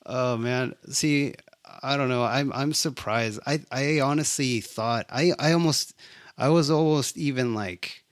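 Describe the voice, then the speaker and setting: A man's voice: medium pitch, measured pace, no echo, studio quality. A young man co-hosting a casual movie review chat, laid-back, rambling and profane.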